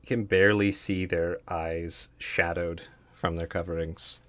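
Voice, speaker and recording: A man running a tabletop game as dungeon master, narrating scenes in a relaxed, hesitant way full of fillers. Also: low-pitched, a little slow.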